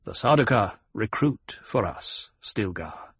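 A man voicing a young rebel leader who speaks firmly and commandingly, in a husky voice. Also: lowish voice, big pitch swings, slow pace, a bit bright, no echo, exaggerated voice. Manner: firm, commanding. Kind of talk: audiobook character voice.

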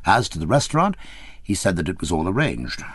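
A man reading an audiobook, telling the story in an expressive, wry way. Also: low-pitched, a little fast, breathy edge, dry recording. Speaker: audiobook reader. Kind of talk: audiobook narration of a memoir.

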